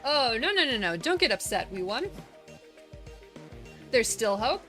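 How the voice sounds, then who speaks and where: A woman's voice: fairly high pitch, very animated, unhurried, fairly bright tone, faint music behind. The Scotsman, a woman putting on a cursed ghostly golf keeper. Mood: theatrical. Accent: attempted Scottish, mixed with Irish and British. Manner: theatrical reading of game dialogue. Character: ghostly Scottish golf shopkeeper man, cursed, resigned.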